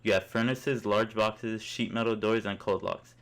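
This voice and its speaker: A man's voice: fairly low pitch, fairly even intonation, moderate pace, a bit bright. A young man narrating a comic story in the second person, in an amused, mock-epic way.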